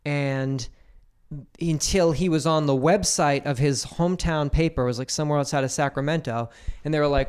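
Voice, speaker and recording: A man co-hosting a loose podcast conversation, spinning stories with lots of energy and acting out the voices of the people in them. His voice sits a bit high for a man and sounds smooth and clean. He swears casually as he talks. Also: fast. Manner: animated storyteller, swears freely, acts out quoted voices. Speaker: podcast co-host. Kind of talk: casual chat.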